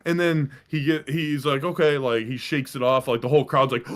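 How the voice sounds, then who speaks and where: A man co-hosting a casual podcast, telling a long story in a rambling, profane, animated way. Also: medium pitch, a little fast. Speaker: podcast co-host. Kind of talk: casual sports podcast chat.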